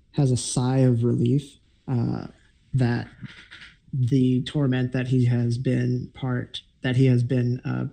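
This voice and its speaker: A man narrates a tabletop game as its game master, pausing often and filling gaps with ums. His voice is low-toned and gravelly, and he takes his time. The delivery stays mellow throughout. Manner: halting, many fillers.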